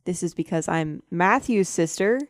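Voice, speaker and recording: A young woman from Texas hosts a student radio talk show, chatting casually in a voice on the low side at normal speed. She rambles and giggles as she interrupts herself. The sound is clean studio quality with no echo.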